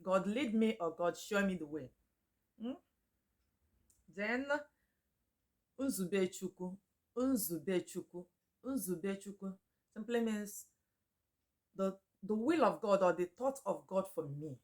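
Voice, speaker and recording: A woman teaching names in a casual chat, repeating each one slowly and laughing often. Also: medium pitch, animated, a little mellow. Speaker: Igbo language teacher. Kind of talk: casual spoken lesson.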